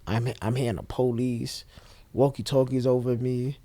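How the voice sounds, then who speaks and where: A man's voice: medium pitch, normal speed, dry recording. A man, a guest telling an emotional story and acting out the voices of others. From Brooklyn, New York. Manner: animated, acts out the voices of others as he retells.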